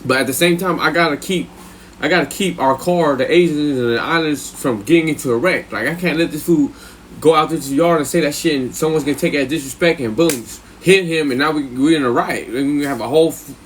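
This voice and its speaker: A man with a Californian accent spins a rowdy prison yarn for his live chat. His voice sits a touch high for a man, and his delivery is loose, slangy and profane. A faint hum runs under it. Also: a little fast, fairly bright tone. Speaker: live streamer. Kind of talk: casual storytelling to a live chat.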